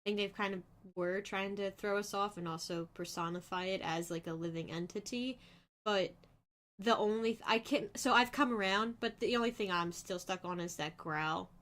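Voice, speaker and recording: A woman's voice: medium pitch, moderate pace, a bit bright. A woman co-hosting a livestream, chatting casually and analytically about a show, with easy laughs. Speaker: stream co-host. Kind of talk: casual reaction chat.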